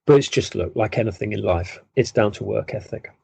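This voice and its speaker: A man, a football journalist, giving measured, self-deprecating interview answers with frequent restarts. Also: on the low side, vocal fry, dark tone, breathy edge, dry recording. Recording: dull lo-fi dry sound.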